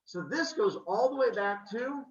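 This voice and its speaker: A male teacher telling myths to a classroom as an animated, joking storyteller who quizzes his students. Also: high voice, a little slow, reverberant. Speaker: middle school teacher. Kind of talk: classroom lesson on mythology. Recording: dull lo-fi classroom recording.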